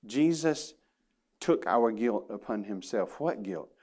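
A man's voice: on the low side, expressive, slow pace, darkish tone. Male pastor, earnest emphatic sermon delivery with folksy asides. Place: church sanctuary.

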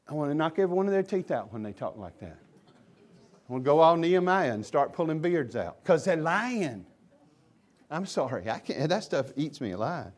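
A pastor preaching with a fairly high voice. He talks with passion, going from loud and pressing to low and quiet. His delivery is fervent and direct. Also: big pitch swings, moderate pace. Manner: impassioned, swings from loud to hushed. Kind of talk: sermon.

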